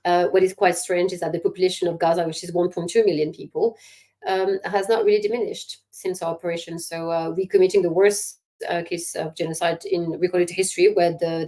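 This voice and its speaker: A middle-aged woman answering interview questions, emphatic and sarcastic, pausing often with fillers. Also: lowish voice, warm tone. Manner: hesitant with many fillers. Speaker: guest commentator.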